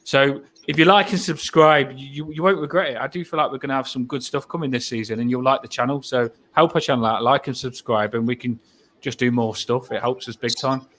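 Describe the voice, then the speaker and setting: A man's voice: mid-range voice, steady tone, brisk, a bit bright. A man co-hosting a casual fan chat, talking in an earnest, upbeat and repetitive way. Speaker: co-host of fan channel.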